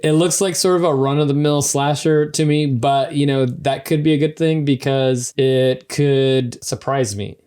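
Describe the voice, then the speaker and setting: A man co-hosting a casual podcast, laughing easily between dry, sarcastic remarks. His voice sits at an everyday middle pitch. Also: fairly even intonation, unhurried, few pauses, darkish tone, clear, resonant tone. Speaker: podcast co-host.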